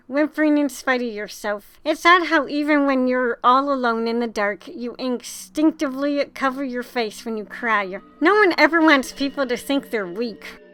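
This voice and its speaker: A woman's voice: high-pitched, fairly bright tone. A woman playing a text adventure, reading the narration aloud expressively, with casual swearing. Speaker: gamer.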